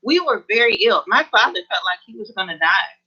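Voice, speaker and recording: A woman guest on an online interview, talking in an earnest, halting way about her experience. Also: medium pitch, expressive, pushed and bright, slightly rough. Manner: earnest, halting with frequent pauses. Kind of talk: personal testimony in an online interview. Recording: dull lo-fi video call audio.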